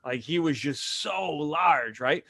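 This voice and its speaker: A man from the Detroit area telling lively, stammering stories as an interview guest. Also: fairly high pitch, slow pace, gravelly, no echo, clean studio sound. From Detroit area, USA. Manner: animated, excited, frequent stammered restarts. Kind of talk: casual storytelling.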